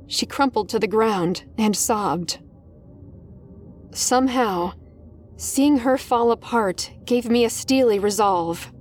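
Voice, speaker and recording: A woman's voice: on the high side, slow pace. A woman narrating a first-person horror story in a tense, dramatic manner. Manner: tense, dramatic, rising in panic.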